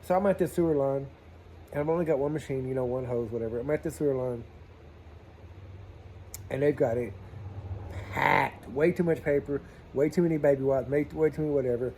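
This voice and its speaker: A man's voice: medium pitch, fairly quick, pauses often, a little mellow, slight background noise. A man, a plumber telling stories in a folksy, chatty way and acting out the dialogue. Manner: folksy, chatty, southern-style slang, acts out dialogue. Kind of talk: casual storytelling vlog.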